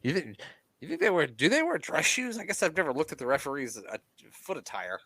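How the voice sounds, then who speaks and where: A man's voice: on the high side, sing-song, brisk, pushed and bright, breathy edge, no echo. A man co-hosting a casual podcast, joking and swearing often and laughing as he comments on a wrestling match. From US Midwest. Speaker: podcast co-host.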